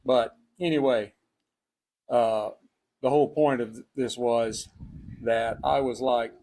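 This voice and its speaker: Texan male host, casual rambling livestream, husky, slow. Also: medium pitch, fairly even intonation, a little mellow. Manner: rambling, full of fillers and restarts. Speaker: cigar and spirits show host. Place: outdoors on a breezy day.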